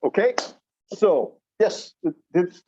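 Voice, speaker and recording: A man teaching a classroom lecture on English sounds, relaxed and explanatory, slowing down to demonstrate words. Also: high-pitched. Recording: dull lo-fi classroom recording.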